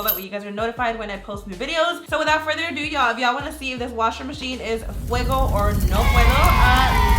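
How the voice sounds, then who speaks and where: A young woman talks to her viewers in a bright, fairly high voice, excitable and quick to gasp or curse in disbelief. Her casual vlog chat rings in an echoey room. Faint music sits underneath. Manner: excitable, gasping, swears casually. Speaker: beauty YouTuber.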